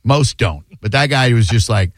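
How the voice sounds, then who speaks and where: A man hosting a call-in radio talk show, casual and joking, talking in fast bursts. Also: medium pitch, animated, dry recording, clean studio sound. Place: radio studio. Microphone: studio mic.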